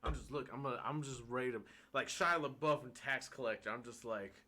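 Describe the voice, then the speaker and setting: Lively, bright-voiced storytelling man. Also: medium pitch, brisk. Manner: animated, laughs often, swears freely, acts out quotes. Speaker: podcast host telling a story. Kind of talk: casual storytelling chat.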